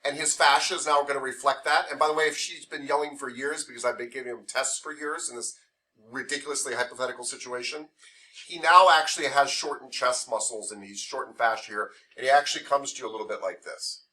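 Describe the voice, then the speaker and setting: Bright-voiced male instructor lecturing. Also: mid-range voice, fast, recorded from a distance. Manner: conversational, uses playful hypothetical examples. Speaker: massage therapy instructor. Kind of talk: classroom lecture. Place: classroom.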